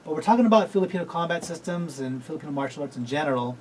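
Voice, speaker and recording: A man's voice: fairly high pitch, expressive, rapid-fire. A man hosting a talk radio show, rambling and correcting himself as he goes. He laughs easily and keeps the talk loose. He sounds a bit distant, with a faint hiss behind him. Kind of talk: casual radio talk interview.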